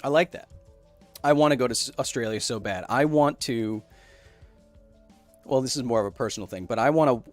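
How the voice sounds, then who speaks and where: A man's voice: medium pitch, brisk, pauses often, soft background music. Rambling man hosting a science livestream. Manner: rambling, self-interrupting, loose explanations. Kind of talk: casual live chat, reading viewer messages.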